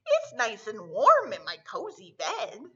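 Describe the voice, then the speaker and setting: Storybook groundhog, sleepy and stubborn, read by a woman; bright, slow delivery. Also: on the high side, huge pitch swings, breathy edge, lo-fi sound, full character voice. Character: sleepy, cozy male groundhog.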